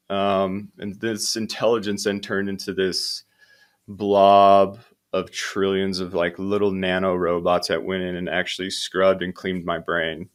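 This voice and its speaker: A man with a very low voice recounts an experience in a rambling interview style, full of fillers and restarts. He sounds like a young adult guest on a podcast. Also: level tone, measured pace. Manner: meandering, with many fillers and restarts. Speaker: podcast guest, hemp company founder. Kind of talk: relaxed interview talk.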